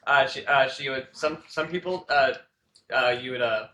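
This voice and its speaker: A man's voice: medium pitch, normal speed, pushed and bright. A teenage boy co-hosting a casual podcast, rambling with many fillers and restarts and laughing often. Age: teens. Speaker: podcast co-host. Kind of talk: casual chat. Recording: echoey room with faint noise.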